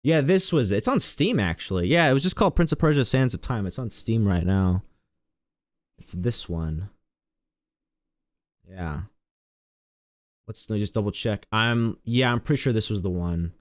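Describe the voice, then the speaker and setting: Fairly low in pitch and lively in intonation, this young man's voice moves at a moderate pace broken by long pauses. He's giving casual commentary while streaming a game, rambling on and mocking his own slip-ups.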